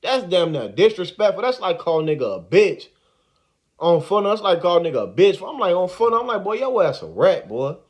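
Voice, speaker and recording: A man telling a story in a casual, animated, slang-heavy way, repeating the same filler words. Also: sits high, fairly quick.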